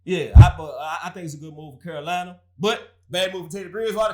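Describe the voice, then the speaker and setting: A man's voice: high voice, fast talker, hardly any pauses, mellow. A man hosting a casual sports talk show, trash-talking rival fans with frequent laughter.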